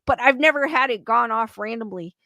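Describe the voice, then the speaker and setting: A woman's voice: a little high, brisk, bright, forceful tone, no room sound. A woman hosting a livestream, chatting casually, reading viewer comments aloud and laughing often. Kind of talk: casual chat.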